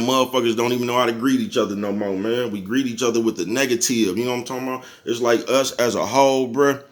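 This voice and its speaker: A man's voice: medium pitch, a bit bright. A man giving a casual motivational monologue as a vlogger, laid-back and profane, chuckling often and checking in with his listeners constantly. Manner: laid-back, chuckles often, keeps asking "you know what I'm talking about?"; profane, preachy street talk.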